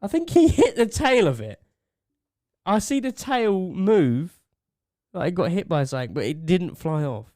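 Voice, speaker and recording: Excitable young man, dry close mic. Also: sits high, measured pace, no echo. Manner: excitable, running commentary with laughter. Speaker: podcast co-host. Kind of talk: casual chat. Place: small home studio room. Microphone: desk mic.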